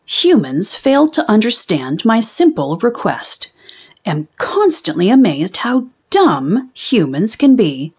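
A woman voicing a sleepy, bossy, carrot-demanding wombat in a children's storybook, with deadpan diary entries and sleepy words whispered. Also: medium pitch, takes it slowly, slightly rough, full character voice. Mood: dry, sleepy.

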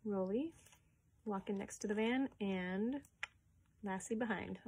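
A woman librarian reading a chapter book aloud for story time, gently pausing to comment on the pictures. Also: medium pitch, slight background noise, low-quality recording. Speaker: children's librarian.

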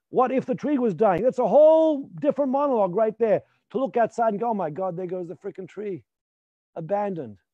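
A man teaching a live acting class, emphatic and repetitive, sometimes dropping to a hushed voice to demonstrate. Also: sits high, no room sound, lo-fi sound. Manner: emphatic, repeats points, drops to near whispers to demonstrate.

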